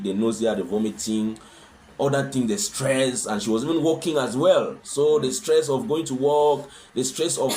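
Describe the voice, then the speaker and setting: A man's voice: mid-range voice, darkish tone, a little hiss or hum. Earnest man answering interview questions. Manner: earnest, asks rhetorical questions. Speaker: husband sharing his experience as a guest.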